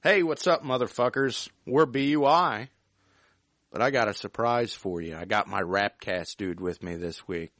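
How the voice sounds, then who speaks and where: A man's voice: lowish voice, normal speed, a bit bright. A man from the United States hosting a podcast, teasing his guest in profane, laid-back talk. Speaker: podcast host. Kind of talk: casual podcast banter.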